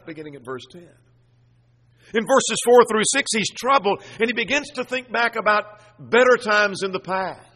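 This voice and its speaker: A man's voice: sits high, slight background noise. A man preaching a sermon, walking through a psalm verse by verse and rising in force when he reads the scripture aloud. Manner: preaching, swells loud when quoting scripture. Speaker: pastor. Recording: long hall reverb.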